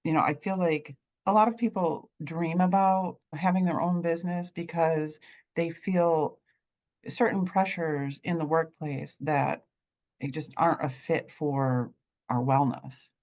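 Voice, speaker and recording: A woman hosting a wellness podcast who asks questions in a thoughtful, halting way. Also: low-pitched, fairly even intonation, darkish tone, highs cut off. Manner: thoughtful, hesitant phrasing with fillers. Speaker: podcast host. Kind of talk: interview questions.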